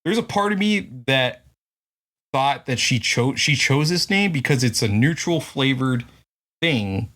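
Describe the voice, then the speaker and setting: A man's voice: medium pitch, expressive, a little slow, fairly bright tone. A man co-hosting a casual podcast, thinking aloud with frequent restarts. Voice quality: hesitant, many restarts and "like" fillers. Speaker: podcast co-host. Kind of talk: casual chat.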